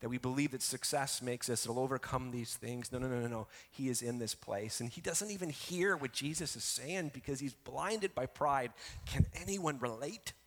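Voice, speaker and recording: A male pastor preaching a sermon with emphatic delivery, swinging between quiet asides and loud, rising lines. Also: medium pitch, normal speed. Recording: reverberant hall.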